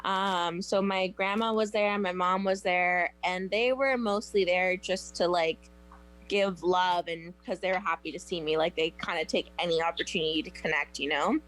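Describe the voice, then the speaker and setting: Relaxed woman chatting as a guest. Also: fairly low pitch, moderate pace. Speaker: show guest. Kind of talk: casual chat.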